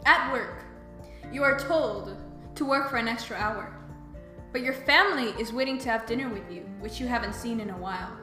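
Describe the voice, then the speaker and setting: A young woman with a high, bright-pitched voice hosts a relaxed podcast chat, laughing easily and keeping things upbeat. The room is echoey, with faint music in the background. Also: normal speed. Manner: giggly, upbeat. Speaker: podcast host. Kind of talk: casual chat.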